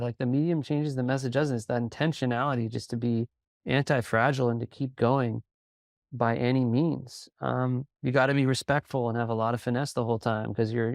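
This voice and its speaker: A man who coaches in sales, a guest on a podcast, talking calmly and steadily as he tells stories. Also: mid-range voice, creaky, no echo, studio quality. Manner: calm, even delivery with quick bursts of storytelling. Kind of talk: conversational interview.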